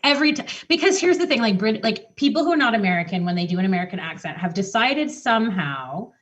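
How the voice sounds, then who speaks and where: A woman co-hosting a casual podcast chat, talking in quick, animated bursts with restarts and the odd swear word. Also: mid-range voice. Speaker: podcast co-host. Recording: muffled lo-fi audio.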